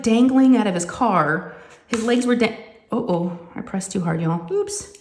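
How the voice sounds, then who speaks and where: A woman, chatting casually and telling animated family stories while she crafts at home. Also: mid-range voice, echoey room. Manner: chatty, animated, says "y'all" often. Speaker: crafting vlogger and mother.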